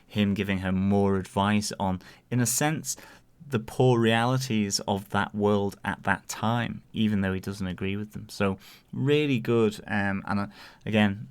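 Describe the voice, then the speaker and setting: A man's voice: on the low side, fairly even intonation, unhurried, smooth. A man co-hosting a podcast, giving an upbeat casual review and repeating words of praise. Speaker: podcast co-host.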